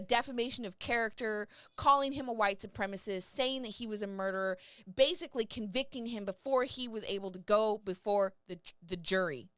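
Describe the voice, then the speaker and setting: A woman's voice: medium pitch, a bit bright, clear, resonant tone, no echo. A woman hosting a live stream, talking in an effusive way and often repeating herself. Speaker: livestream host.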